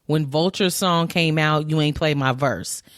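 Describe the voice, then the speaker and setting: A woman's voice: low voice, measured pace, dry recording, clean studio sound. A woman co-hosting a podcast, retelling gossip in a casual, slangy way and quoting people as she goes. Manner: animated storytelling, quoting others, slangy. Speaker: podcast co-host.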